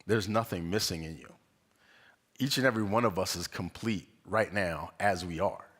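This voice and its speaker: A young man giving a conversational sermon at a spiritual center, an animated storyteller who acts out the voices in his stories and laughs often. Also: low-pitched, moderate pace, breathy edge. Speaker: guest speaker at a spiritual center. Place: church sanctuary.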